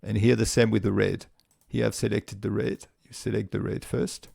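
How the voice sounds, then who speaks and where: A man with a voice walking through a spreadsheet tutorial step by step, relaxed, with frequent fillers and restarts. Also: lowish voice, moderate pace, gravelly, husky, no room sound, studio quality. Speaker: tutorial presenter. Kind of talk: screen-recorded software tutorial.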